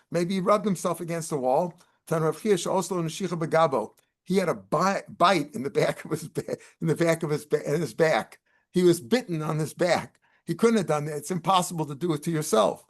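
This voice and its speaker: An older man, teaching Talmud line by line and translating each Aramaic phrase into casual English. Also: on the high side. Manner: explains Aramaic terms in casual American English, with restarts.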